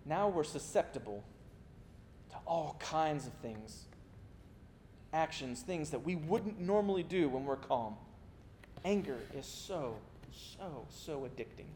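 High-voiced man preaching a sermon. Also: measured pace. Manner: animated storytelling with self-mocking asides. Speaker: pastor. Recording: echoey room with faint rumble.

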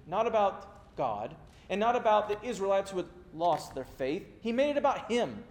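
Very animated and speaking at normal speed, a middle-aged man delivers a sermon full of anecdotes and self-mocking asides. He's a pastor, recorded in an echoey space with a low rumble.

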